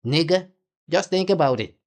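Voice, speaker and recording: A man's voice: a little high, lively intonation, moderate pace. A male commentator delivering a heated, profane rant between clips, firing off repeated rhetorical questions. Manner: angry, repetitive rhetorical questions.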